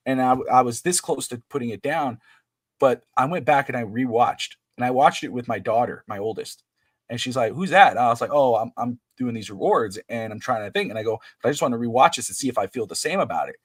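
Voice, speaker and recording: A man's voice: mid-range voice, fast, no room sound. A middle-aged man co-hosting a wrestling podcast in casual chat, rambling and restarting his sentences. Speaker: podcast co-host.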